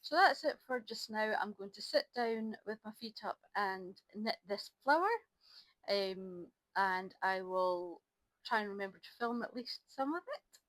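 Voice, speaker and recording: A middle-aged woman, talking casually to camera in a rambling, chatty way with lots of ums and restarts, a little low on energy. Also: measured pace, a bit bright, no echo, poor audio. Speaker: crafting vlogger. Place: at home by an ironing board.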